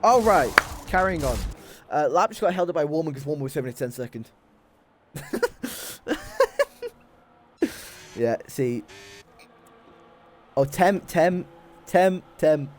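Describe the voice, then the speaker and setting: A young man giving excitable, sweary live commentary on a sim race while bantering with his chat. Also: a little high, normal speed, long pauses, a little hiss or hum.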